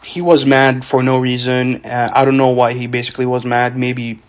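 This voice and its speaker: A man's voice: medium pitch, level tone, normal speed. A young man casually telling a rambling story to camera, acting out the voices of the people in it. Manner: rambling, acts out quoted voices. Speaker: vlogger.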